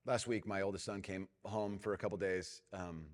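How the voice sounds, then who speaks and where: A middle-aged man preaching a sermon as pastor, telling a self-mocking story and dropping to a hushed, prayerful tone. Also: sits low, fairly even intonation, moderate pace. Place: large church hall. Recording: long reverb of a church hall.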